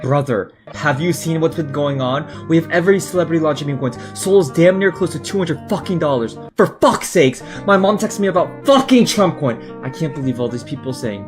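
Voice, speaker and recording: A man's voice: on the high side, expressive, fairly quick, few pauses, music in the background. A man delivering a comedic, profane rant. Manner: profane ranting.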